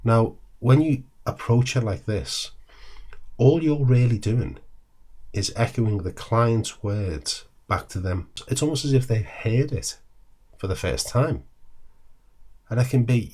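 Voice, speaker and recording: A man with a low, slightly husky voice teaches counselling techniques straight to camera. He talks in a relaxed, conversational way and keeps checking in with his listeners. The recording sounds close to the mic. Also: moderate pace. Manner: conversational, often checks in with "all right?". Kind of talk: direct-to-camera teaching talk.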